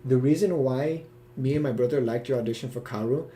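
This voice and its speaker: A young man with a mid-range voice hosts a casual live-stream Q&A. He talks his way through his ideas in loose, halting stretches, with lots of "you know" in between. He sounds eager when he gets to the characters he made. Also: mid-range voice, mellow. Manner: enthusiastic about his characters. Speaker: series creator hosting a cast Q&A.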